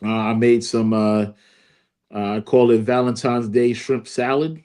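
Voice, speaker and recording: A man's voice: mid-range voice, fairly even intonation, unhurried, darkish tone. A man co-hosting a podcast in loose, joking casual chat, often tagging his lines with "you feel me". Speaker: podcast co-host.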